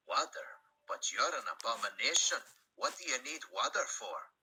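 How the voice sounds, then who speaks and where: A man's voice: medium pitch, sing-song, normal speed, creaky, voice pushed up. A man voicing a hot-tempered male steam engine with a put-on Scottish accent, in a noisy home recording. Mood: agitated.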